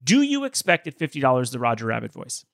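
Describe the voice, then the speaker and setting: A man's voice: medium pitch, wildly swooping pitch, quick pace, creaky, fairly bright tone, no room sound, clean studio sound. A man hosting a podcast in casual chat, enthusiastic and joking, sharing trivia. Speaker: podcast host.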